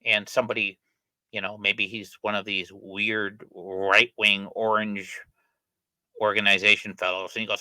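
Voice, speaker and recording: A man's voice: fairly low pitch, flat delivery, normal speed, bright, forceful tone, no echo, rough recording. A middle-aged man hosting a channel, giving casual spoken commentary on an article he is reading, rambling along with frequent fillers and self-corrections. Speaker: channel host discussing an article.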